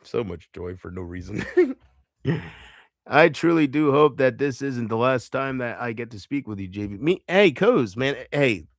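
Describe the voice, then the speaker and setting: A man talking on a livestream in a halting, emotional way, stopping, restarting and trailing off. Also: mid-range voice, animated, no echo, clean studio sound. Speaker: live streamer. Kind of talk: casual livestream chat.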